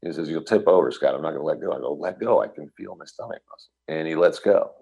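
A middle-aged man from the US Midwest, telling a personal recovery story in an interview, earnest and animated, acting out quoted dialogue. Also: rumbling low, fast talker, vocal fry, breathy edge, dull audio.

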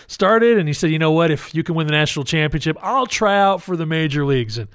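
Radio host guy, fairly high smooth voice, dry studio sound, upbeat intro style. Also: lively intonation, fast talker, fairly bright tone, no echo. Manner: upbeat broadcaster's delivery, building up the guest. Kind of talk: radio interview.

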